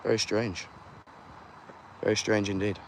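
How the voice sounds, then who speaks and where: A man with a fairly low voice streams live from an outdoor car park, holding his phone. He chats in a hushed, conspiratorial way and reads viewers' comments aloud. Urban noise and passing vehicles sit clearly behind him. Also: little pitch movement, a little slow. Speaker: livestreamer.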